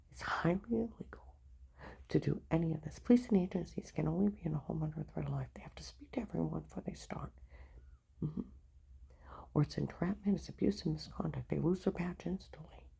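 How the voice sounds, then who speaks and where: Woman vlogger, dark husky whisper, rambling to camera. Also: low-pitched, low-quality recording. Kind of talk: rambling monologue.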